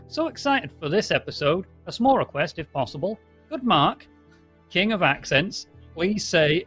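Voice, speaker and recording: A man's voice: high-pitched, lively intonation, moderate pace, a bit bright, husky, soft background music. A man hosting a live stream, chattily thanking viewers and reading out their donation messages. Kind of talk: casual stream chat.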